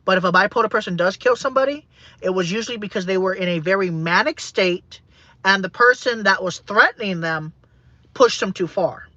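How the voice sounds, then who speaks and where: Bright-voiced man rambling on. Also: high voice, brisk, no room sound, dull audio. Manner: rambling and repetitive. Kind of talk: personal monologue.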